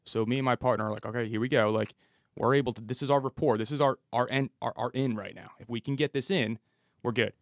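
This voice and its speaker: A man in his thirties tells a story from his work as a police officer, slipping into the voices of the people in it. His voice has a gravelly, creaky edge and is recorded close and dry, with no room sound. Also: mid-range voice, steady tone, fast talker, dry recording. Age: 30s. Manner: vivid storyteller who acts out the dialogue. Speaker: police officer, podcast guest. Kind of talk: storytelling interview.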